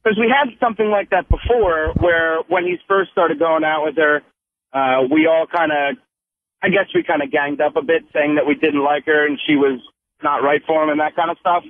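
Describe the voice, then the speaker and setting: A man's voice: fairly high pitch, fairly even intonation, moderate pace. A man calling in to a radio show, telling a long story in a rambling way with many fillers. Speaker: caller. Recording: tinny phone line.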